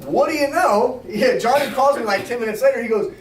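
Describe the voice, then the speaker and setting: A man giving an energetic sales training talk to a small group, checking in often with his listeners. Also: very high voice. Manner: energetic, fast, coaching with repeated check-ins. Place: restaurant meeting room. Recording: roomy, distant, faint noise.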